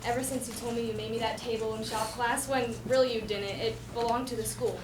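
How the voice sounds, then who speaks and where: A woman's voice: on the high side, level tone, brisk, a crowd in the background, lightly acted. A teenage girl acting a smitten young woman on a date, earnest and rambling, in a live school comedy. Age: teens. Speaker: student actor. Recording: echoey school hall from far off, live audience.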